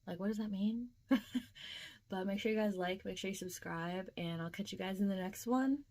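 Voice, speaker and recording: A woman's voice: medium pitch, normal speed, a little mellow. Chatty young woman telling a dream. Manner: chatty, emotional, lots of "like" fillers. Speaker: vlogger. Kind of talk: casual dream diary vlog.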